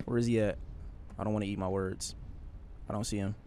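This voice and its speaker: A man streaming a climbing game live, talking to himself under his breath and then yelling when he nearly falls. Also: on the low side, steady tone, a little fast, a little hiss or hum. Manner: anxious, swings from muttering to shouting. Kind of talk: live gameplay commentary.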